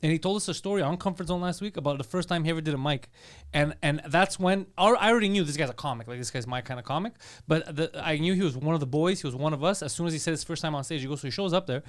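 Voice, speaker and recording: A man co-hosting a comedy podcast, bantering excitably and swearing a lot. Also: on the high side. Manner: fast, excitable, profane banter. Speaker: podcast co-host. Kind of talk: casual comedy podcast chat.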